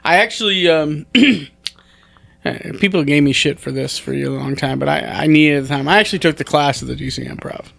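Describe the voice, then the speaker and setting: A man's voice: a little high, fairly quick, gravelly, fairly bright tone, no echo. A man who is a stand-up comedian talking casually on a podcast in a rambling, self-deprecating way, with many restarts.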